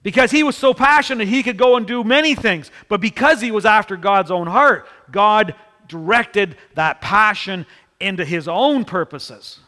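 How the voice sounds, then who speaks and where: A man preaching a sermon, telling the story in an animated way and acting out the people in it. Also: high voice, normal speed, big-room sound. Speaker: pastor.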